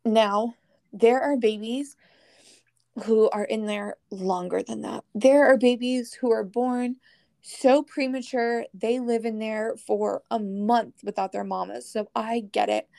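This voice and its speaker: Woman podcast guest, candid and emotional, a creaky edge, close dry sound. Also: on the high side, steady tone, slow, warm tone, no room sound. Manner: candid, emotional, swears casually. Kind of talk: casual storytelling chat.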